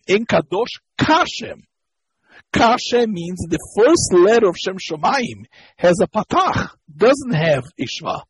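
A man's voice: high-pitched, breathy edge, poor audio. A man teaching a lesson on Hebrew grammar. He explains step by step, repeats key points, and stops to search for words. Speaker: Torah teacher.

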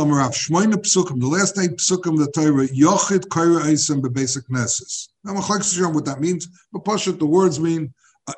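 Man, Talmud class teacher, slightly high voice, husky, halting, repeats words.

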